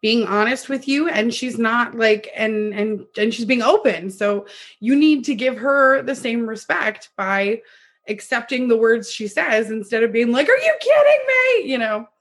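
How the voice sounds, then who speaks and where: High-voiced woman chatting earnestly. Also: a little slow. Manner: reflective, earnest, retells movie scenes. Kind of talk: casual chat.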